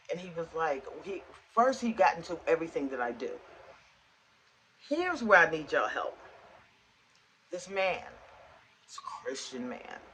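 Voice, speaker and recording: A woman vlogging in a casual rant, spinning a story with lively back-and-forth dialogue. Her voice is bright and forceful, with plenty of push behind it. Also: low-pitched, slight background noise, low-quality recording. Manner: animated, acts out both sides of conversations.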